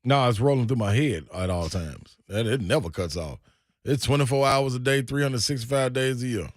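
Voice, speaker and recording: A man's voice: medium pitch, normal speed, no echo, studio quality. A man, co-hosting a sports radio show in casual, playful banter. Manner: animated, playful, Southern slang. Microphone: studio microphone.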